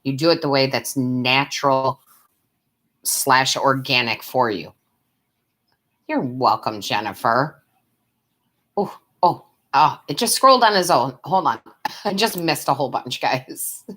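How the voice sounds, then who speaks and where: A woman's voice: extremely low pitch, animated, takes it slowly, long pauses, fairly bright tone. A woman giving tarot readings on a live stream, who chats with her viewers, calls them love and sweetheart, and laughs often. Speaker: tarot reader and medium.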